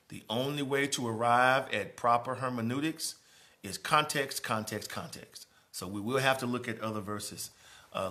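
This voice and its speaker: A man preaching a sermon as pastor in a church, moving from quiet, conversational speaking to raised, emphatic preaching. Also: medium pitch. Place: church sanctuary.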